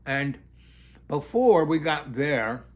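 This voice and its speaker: Higher-voiced man telling a rambling story. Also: sing-song. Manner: halting, full of fillers and restarts, acts out quoted voices. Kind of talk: rambling spoken anecdote.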